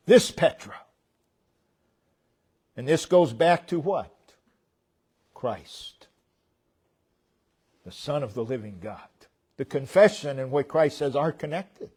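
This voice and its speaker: Man, pastor, sermon, slow deliberate delivery, slightly high voice, loud stresses and quiet drops. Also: expressive, breathy edge. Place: church.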